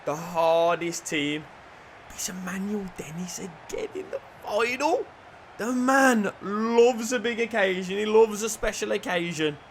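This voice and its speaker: Excitable young gaming commentator man. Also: sits high, unhurried, a little hiss or hum. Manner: excitable, swings from muttering to shouting, swears and jokes. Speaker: gaming YouTuber. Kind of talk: live gameplay commentary.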